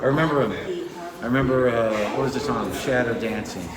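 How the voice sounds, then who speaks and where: A man, a comedian, chatting casually and telling rambling, wry anecdotes, slipping into quick impressions. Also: mid-range voice, reverberant, a loud crowd. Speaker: comedian guest. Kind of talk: casual storytelling chat. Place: comedy club.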